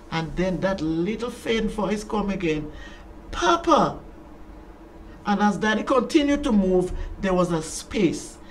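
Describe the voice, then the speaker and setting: A children's storyteller speaks slowly and dramatically, leaning on repeated phrases and ending with a prayer. The pitch swoops in a lively way while the pace stays unhurried. It sounds caught from some distance, with a faint ambient hum behind it.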